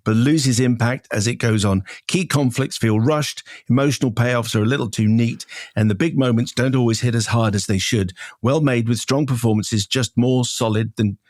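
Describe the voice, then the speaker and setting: A man co-hosting a film show, chatting casually and reading out listener emails with a quick laugh. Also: medium pitch, darkish tone, dry recording, studio quality. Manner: brisk, laughs easily.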